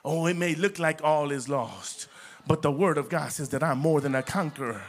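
A man's voice: on the high side, moderate pace. A middle-aged man preaching a sermon as pastor, impassioned and repetitive, calling the congregation "church".

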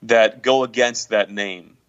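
A man's voice: lowish voice, steady tone, slow, fairly bright tone, highs cut off. A man co-hosting a casual faith discussion, talking in an emphatic, preachy, exclamatory way. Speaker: podcast co-host.

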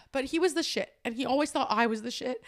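A young woman in her twenties talks alone on her podcast into a microphone. Her voice sits a little high, and her speech is candid and emphatic, with plenty of swearing. She is close to tears at times. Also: brisk. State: crying at times. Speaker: podcast host. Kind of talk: personal, emotional solo podcast talk.

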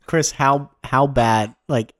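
Co-host, man, mid-pitched, deadpan teasing, dry recording. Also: slow, no echo. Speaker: podcast co-host. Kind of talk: casual chat.

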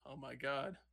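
A man's voice: high voice, gravelly. A young man in crude, casual chat with friends, swearing and joking. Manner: swearing, joking, laughing, animated.

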